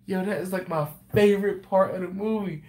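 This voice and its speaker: Casual livestream host chatting with viewers. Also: male voice, sits high, fairly quick. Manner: laughing, animated storytelling. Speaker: BBQ channel host on a livestream. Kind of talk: casual chat reading viewer comments.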